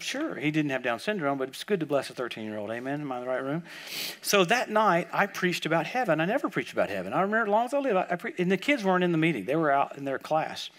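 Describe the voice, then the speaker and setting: An older man preaching a sermon, telling stories with lively acted-out quotes, often repeating words and dropping into soft, quiet tones. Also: mid-range voice. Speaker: guest preacher. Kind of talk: sermon storytelling.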